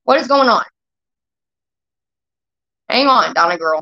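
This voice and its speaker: A woman's voice: high voice, very animated, moderate pace, pauses often, bright, forceful tone, lo-fi sound. A woman hosting a casual livestream, blunt and heavily profane as she reacts to chat comments. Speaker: livestream host.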